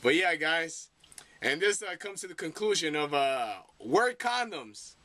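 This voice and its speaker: A man's voice: a little high, lively intonation, unhurried, sharp tone. A young man chatting casually as a vlogger reacting to a video, rambling and laughing at his own jokes.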